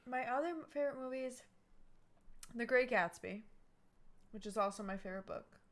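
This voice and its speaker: A woman's voice: on the high side, brisk. A young woman co-hosting a casual podcast chat, chatty and teasing, peppering her talk with "like". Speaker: podcast co-host.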